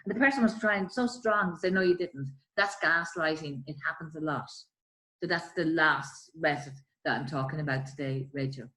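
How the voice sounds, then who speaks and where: An earnest woman with a slightly low voice talks through examples in conversation. She explains patiently and slips into the voices of the people she describes. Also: normal speed, poor audio. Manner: earnest, acts out quoted voices, trails off softly. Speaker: guest explaining bullying. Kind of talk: explanatory chat.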